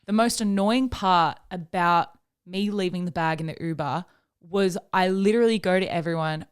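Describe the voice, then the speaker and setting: A woman's voice: fairly low pitch, normal speed, clear, resonant tone. Young aussie woman chatting on a podcast, easygoing. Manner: chatty, laughs along. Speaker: podcast co-host. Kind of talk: casual chat.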